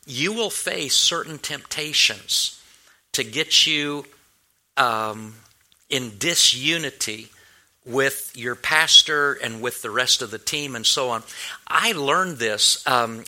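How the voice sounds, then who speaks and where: A man's voice: mid-range voice, sharp tone. A male pastor telling a personal story in a sermon, earnest and anecdotal, with many restarts and fillers.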